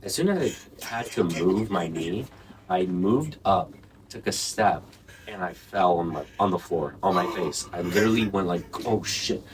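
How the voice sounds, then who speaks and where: Podcast co-host: lively low-voiced man, crude storyteller, a bit off-mic with faint noise. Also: moderate pace, recorded from a distance. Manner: animated, laughing, swearing, acts out quotes. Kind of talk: casual storytelling chat.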